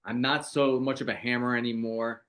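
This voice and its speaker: A man with a medium-pitched voice hosting a casual podcast. He is brash and excitable and swears freely, often rushing through his lines. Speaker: podcast host.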